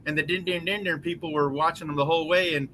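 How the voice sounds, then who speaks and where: A man hosts a casual chat in a bright, forward voice that sits a little high. He jokes and chimes in quickly. Faint noise is heard behind him. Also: steady tone.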